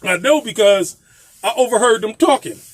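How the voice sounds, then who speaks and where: A man's voice: high voice, animated, moderate pace, no room sound. A man casually telling a profane story, laughing often. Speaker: vlogger telling a landlord story.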